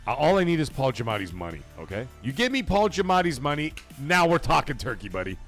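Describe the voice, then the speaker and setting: A man's voice: mid-range voice, fast talker, soft background music. A man hosting a casual live stream, swearing freely and telling rambling stories while reading viewer comments. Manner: profane, rambling, animated storyteller. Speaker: livestream host.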